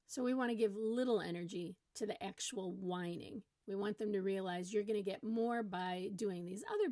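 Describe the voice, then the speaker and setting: A woman parenting coach explaining strategies step by step in a calm, encouraging way. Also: medium pitch, vocal fry, no echo, clean studio sound. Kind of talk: instructional talk to camera.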